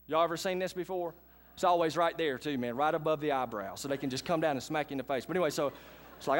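A high-voiced man delivers a sermon in a church. He moves between chatty, folksy remarks to his congregation and animated preaching. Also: quick pace. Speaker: pastor. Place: church sanctuary.

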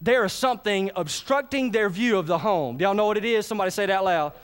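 A man's voice: sits high, fast, clear, resonant tone. A man preaching a sermon, calling on the congregation to answer him. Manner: lively, calls on the congregation to answer. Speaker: pastor.

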